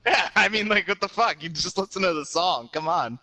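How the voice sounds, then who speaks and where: Excitable high bright-voiced man. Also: fairly quick. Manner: crude, excitable banter with swearing. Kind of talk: casual chat.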